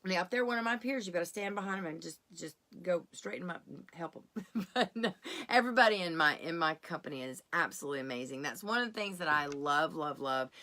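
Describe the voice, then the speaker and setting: Middle-aged woman, bright voice, chatty encouraging livestream coach. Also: on the low side, animated, fast. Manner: chatty and encouraging, greets viewers by name. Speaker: keto coach hosting a live workshop. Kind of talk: casual livestream chat.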